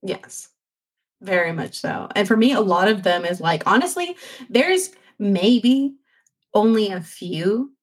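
A woman's voice: mid-range voice, expressive, slow. A woman chatting casually on a podcast, rambling with many "like"s and restarts. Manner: rambling, heavy use of "like" and restarts. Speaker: podcast panelist. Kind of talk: casual chat.

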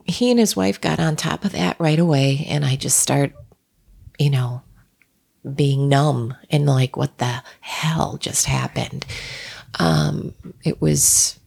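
A middle-aged woman speaks low and gravelly, with a husky edge. She talks haltingly and softly as an interview guest, often sinking into a whisper. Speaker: guest, author and shaman. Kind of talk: recounting a personal tragedy in an interview.

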